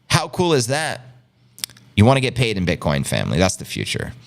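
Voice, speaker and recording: A man's voice: on the low side, a little fast, vocal fry. A man with a New York City area accent hosting a casual live stream, reading viewer chat and calling his audience family. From Long Island, New York. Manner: animated, hype-filled, talks to viewers as family. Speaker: livestream host reading chat.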